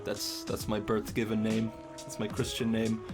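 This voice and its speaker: A man's voice: on the low side, monotone, moderate pace, music in the background. A young man, an animator, talking casually in an interview, rambling and self-deprecating, with casual swearing.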